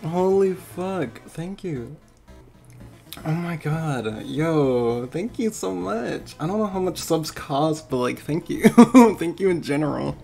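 Excitable male streamer, high and very animated voice, slow deliberate delivery, overwhelmed, faint music behind. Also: gravelly. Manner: excited, swearing, laughing, stammering thanks. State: overwhelmed, tearing up. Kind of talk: live stream reaction.

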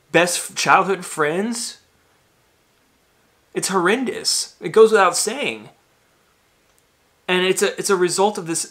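A man's voice: sits high, a bit bright. A man in his thirties, ranting in a rambling, agitated monologue full of swearing and fillers. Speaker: vlogger.

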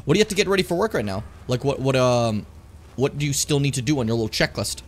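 A man casually commenting on his own gameplay as a streamer, swearing freely and jumping from chatter into sudden shouts. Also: medium pitch, fast. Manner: animated, swearing, jumps into shouting.

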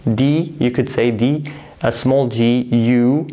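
A man giving an online English lesson, repeating example phrases slowly and carefully and now and then correcting himself. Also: medium pitch, steady tone, warm tone. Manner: corrects himself mid-sentence. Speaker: English teacher.

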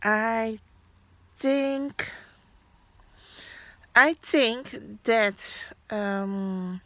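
Slow, chatty woman vlogger. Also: a little high, pushed and bright, no room sound. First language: Dutch. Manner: rambling, chatty, frequent fillers and self-corrections. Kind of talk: casual haul vlog.

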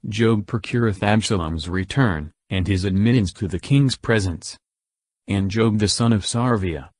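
Man reading the Bible aloud, low voice, bone-dry close sound. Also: a little mellow, no echo. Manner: measured, solemn reading. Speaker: Bible reader. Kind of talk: scripture reading.

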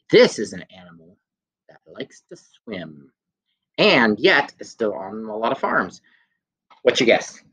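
With a mid-range, fairly bright tone, a young man leads little kids through a music lesson on video, offering clues and singing easy tunes in a playful, lilting way. The audio, from a handheld phone camera, is lo-fi.

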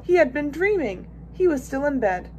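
A woman volunteer reading a children's picture book aloud with expressive, lively storytelling. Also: sits high, moderate pace, lo-fi sound, slight background noise. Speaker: volunteer reader.

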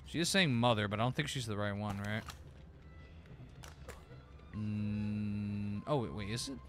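A man's voice: lowish voice, steady tone, unhurried, faint music behind. A man streaming a game, giving casual commentary, laughing often and swearing casually.

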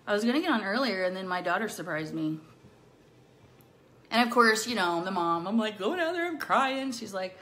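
A woman's voice: mid-range voice, animated, a little fast, a bit bright. A middle-aged woman chatting casually through a makeup tutorial, bubbly and playful, with silly rhyming words. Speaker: makeup vlogger.

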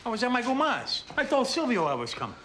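A man's voice: very high-pitched, wildly swooping pitch, quick pace, a loud crowd, heavily acted. An actor playing a defensive young male mob associate under interrogation. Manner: defensive, protesting.

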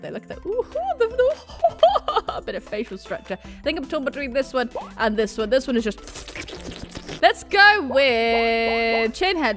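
A woman's voice: on the high side, a bit bright. A young woman giving casual, gushing commentary on a video game she plays, bubbly and often giggling. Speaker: let's play gamer.

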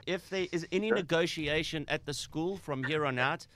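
Radio prank guy, kinda high voice, calm and stirring it, noisy line. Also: normal speed. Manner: calm, provoking, plays innocent. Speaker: radio prank caller, host. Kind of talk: prank phone call.

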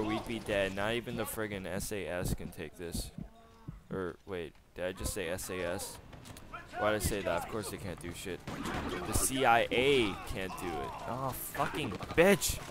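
A man's voice: fairly low pitch, moderate pace. A man giving profane, sarcastic commentary over his own video game play, ranting and swearing at it. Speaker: gamer commentator. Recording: game audio noise behind.

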